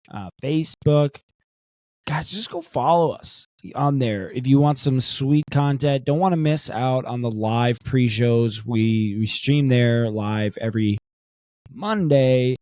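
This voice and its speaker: A man co-hosting a podcast in an unhurried, laid-back way with slangy chat. His voice sits in the middle, and the recording is close and dry. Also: mid-range voice, darkish tone, no echo. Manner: laid-back, slangy, plugs social media. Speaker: podcast co-host. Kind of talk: casual chat.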